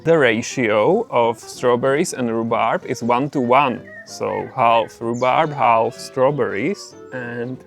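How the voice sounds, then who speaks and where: A man's voice: medium pitch, takes it slowly, creaky, hardly any pauses, soft background music. A cheerful man co-hosting a homesteading vlog, chatting casually outdoors in a garden and laughing often. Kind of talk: casual chat.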